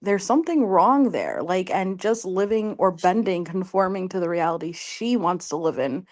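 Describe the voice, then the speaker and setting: Blunt, animated woman guest. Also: lowish voice, normal speed. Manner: blunt, animated, laughs while talking. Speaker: livestream guest. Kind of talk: casual livestream chat.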